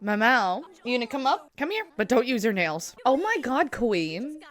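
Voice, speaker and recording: A woman's voice: on the high side, sing-song, normal speed, a bit bright. Giggly young woman reacting to cartoons. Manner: chatty and giggly, full of filler "like". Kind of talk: casual reaction commentary. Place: home room at a desk chair.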